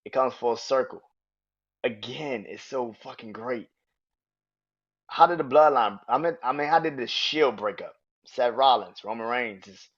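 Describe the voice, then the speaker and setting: Brief: male podcast host, mid-pitched, swears freely and gets worked up, lo-fi muffled audio. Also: normal speed. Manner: excitable, profane, laughs often. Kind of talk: casual wrestling review.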